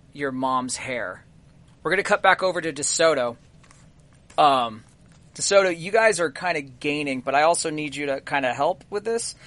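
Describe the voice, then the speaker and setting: A man narrating as game master of a tabletop role-playing game, relaxed and full of fillers. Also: a little high.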